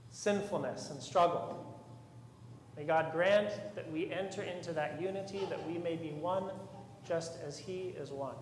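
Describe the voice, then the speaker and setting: A man, a priest, giving an earnest and emphatic sermon in a church. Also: a little high. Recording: echoey church with long reverb, faint room noise.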